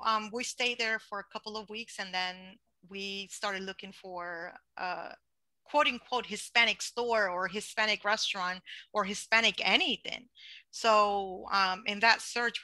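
Bright-voiced woman. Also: mid-range voice, normal speed, dry recording, poor audio. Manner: animated, acts out dialogue with many restarts. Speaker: guest. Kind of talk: storytelling in an interview.

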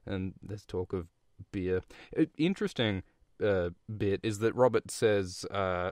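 A low-voiced man riffing through a book chapter for his podcast, irreverent and full of swearing and filler words. The sound is dry and close, with no room around it. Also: normal speed, dry recording. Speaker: podcast host. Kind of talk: comedic retelling of a book chapter.

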